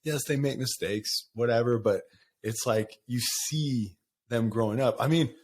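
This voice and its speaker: A middle-aged man hosts a casual podcast chat, speaking candidly and loosely. He rambles between thoughts and laughs easily. His voice sits at an ordinary male pitch. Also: measured pace. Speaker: podcast host. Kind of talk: casual conversation.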